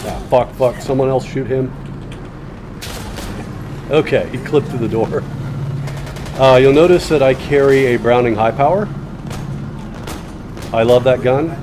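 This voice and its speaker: A man's voice: mid-range voice, unhurried, long pauses. A man giving casual, rambling commentary while playing a shooting game, telling a story with a sardonic edge and lots of fillers and restarts. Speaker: gaming video host. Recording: faint gunfire and game noise behind. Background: game gunfire.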